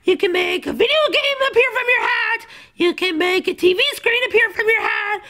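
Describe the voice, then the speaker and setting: A woman voicing a young female badger in a plush toy skit, excitable and blunt, often shouting. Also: extremely high pitch, normal speed, heavily acted. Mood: scornful.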